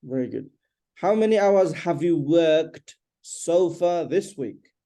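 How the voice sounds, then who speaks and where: A woman's voice: fairly low pitch, animated, slow pace, dark tone. A woman teaching an English lesson, patiently correcting pronunciation and having her student repeat sentences. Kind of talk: one-on-one language lesson.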